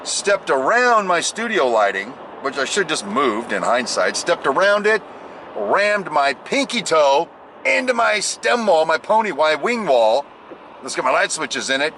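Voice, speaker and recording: An animated vlogger from the United States tells a jokey story in a casual vlog, swinging into loud exclamations and mimicked voices. His voice is on the high side, with a little hiss or hum in the recording.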